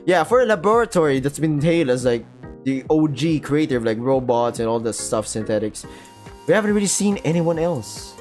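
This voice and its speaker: A Filipino man with a fairly high voice casually reads out and comments on a visual novel. He rambles and pokes fun at himself, with faint game music behind. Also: animated, fairly quick, a little mellow. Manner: rambling, self-deprecating. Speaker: let's play host.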